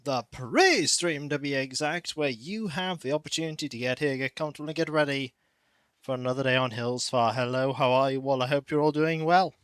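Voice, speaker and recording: A man streaming a game from a warm room at home, rambling and chatty, greeting viewers by name and cooing softly to his cat. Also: mid-range voice, a little fast, clear, resonant tone, no room sound. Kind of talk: casual stream chat.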